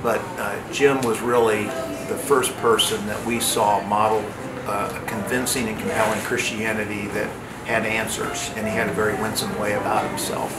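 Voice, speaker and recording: Low, flat-voiced man giving testimony. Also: moderate pace, very noisy. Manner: calm, steady, with fillers. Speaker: interviewee, friend. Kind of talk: measured testimony. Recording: roomy, slightly distant, loud music behind.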